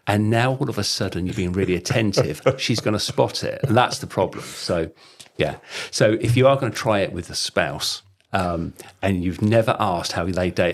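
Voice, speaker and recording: Man, middle-aged, very deep voice, rough fry, rambling chatty talk. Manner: chatty, rambling, many "you know" fillers. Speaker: sales trainer guest. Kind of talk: casual conversational interview.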